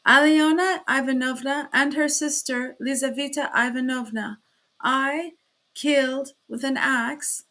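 A woman reading the part of a pale young male workman who speaks in breathless, fairly loud declarations. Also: sits high, fairly even intonation, a little slow, pitched above the performer's own voice. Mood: blunt.

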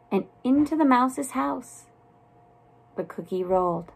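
A woman reading a children's storybook aloud in a soft, deliberate narrating voice. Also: mid-range voice, expressive, gravelly. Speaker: storybook reader.

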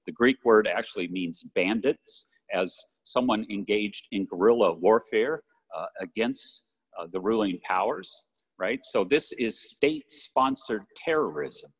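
Here an older pastor preaches in his church sanctuary, his voice on the low side, animated, a little slow and edged with breath. He talks conversationally, warmly checking in with "right?" as he goes, over a lo-fi livestream heavy with long church reverb.

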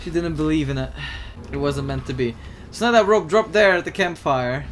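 A man playing a horror game and commenting on it, excitable, swearing freely and talking back to the game. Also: fairly high pitch, normal speed, a little hiss or hum. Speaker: gaming YouTuber.

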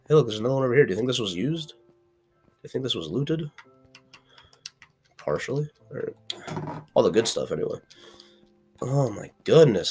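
A man's voice: medium pitch, expressive, normal speed, pauses often, a little mellow, husky, faint music behind. A young man giving casual gameplay commentary, chatty and playfully trash-talking, now and then yelping in frustration. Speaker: gaming channel host.

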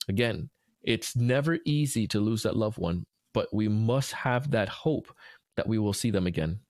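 Male podcast host, low and gravelly, earnest and encouraging, dry close sound. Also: animated, moderate pace, a little mellow, no echo. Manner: earnest, encouraging, with frequent restarts. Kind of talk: devotional podcast talk.

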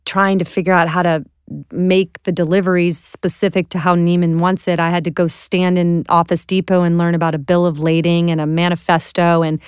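A woman being interviewed, telling self-deprecating stories in a lively way and laughing often. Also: fairly low pitch, fairly quick, clear, resonant tone, no echo, clean studio sound. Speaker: entrepreneur guest. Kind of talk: animated storytelling in an interview.

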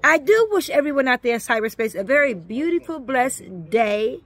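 A woman's voice: sits high, very animated, moderate pace. A woman vlogger greeting her viewers in a sing-song way, repeating blessings and affirmations. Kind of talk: casual vlog greeting with spiritual affirmations.

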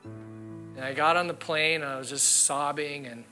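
A man's voice: on the high side, moderate pace, bright, forceful tone, faint music behind. A man, a pastor, preaching a sermon in an earnest, candid storytelling way, repeating key phrases for emphasis. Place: church sanctuary.

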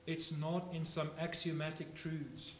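A man preaching a sermon as pastor, swinging from hushed phrases to loud emphatic ones. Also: fairly high pitch, level tone, a little slow. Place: church sanctuary. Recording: echoey church, faint hum.

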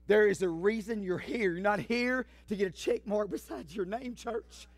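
A man preaching a fiery sermon, swinging from shouts to hushed asides. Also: high-pitched, moderate pace, dry recording. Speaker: pastor.

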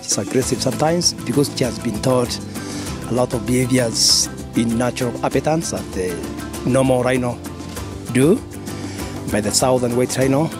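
A man, an animal keeper, explaining outdoors in a halting way with fillers and repeats. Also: mid-range voice, over music. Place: outdoor wildlife enclosure.

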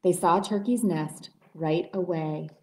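A woman librarian reading a picture book aloud at a library story time, with gentle, expressive storytelling. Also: lowish voice, slow. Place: public library room. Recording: roomy echoey room.

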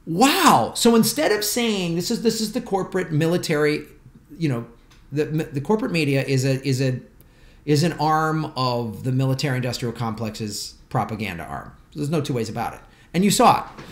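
Male commentary host, sarcastic and fired up, slightly high voice, roomy echo. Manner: animated, sarcastic, indignant. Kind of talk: political commentary.

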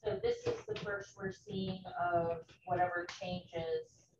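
A woman chairing a town commission meeting, brisk and courteous as she moves through the agenda. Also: lowish voice, huge pitch swings, gravelly, background noise. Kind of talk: formal meeting procedure. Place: meeting room. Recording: muffled far-off echoey room mic.

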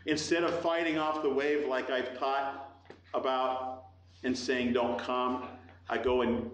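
A middle-aged man preaching a sermon, telling a personal story with lively acted-out voices. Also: mid-range voice, takes it slowly. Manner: animated storytelling, acts out quoted voices. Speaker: pastor. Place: church hall. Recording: echoey room with faint ambience.

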